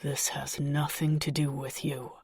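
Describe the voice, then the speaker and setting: Female narrator voicing a menacing older man, low and icy. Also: level tone, normal speed, vocal fry, slightly rough, dry recording, full character voice.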